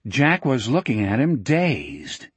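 A man reads a novel aloud as an audiobook narrator, steady and measured. His voice has a husky grain at a middle pitch. The recording is dry and close, with no room sound. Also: no room sound. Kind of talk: scripted narration.

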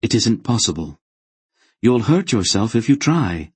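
A man doing a gentle, firm sorceress aunt. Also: fairly low pitch, very animated, slightly rough, no room sound, voice pushed up, heavily acted. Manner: soft, measured, sorrowful. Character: calm grown woman sorceress, gentle and firm.

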